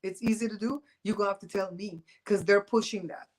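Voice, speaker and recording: A woman's voice: mid-range voice, steady tone, fairly quick, poor audio. A woman in her fifties from Belize, chatting casually with viewers on her livestream, loose, teasing and opinionated. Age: 50s. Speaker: livestream host. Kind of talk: casual live-stream chat with viewers. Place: home.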